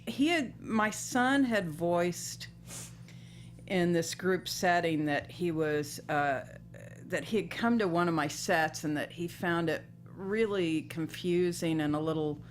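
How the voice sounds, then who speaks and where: A woman's voice: lowish voice, slow. A woman film director as a guest, speaking reflectively in a casual interview.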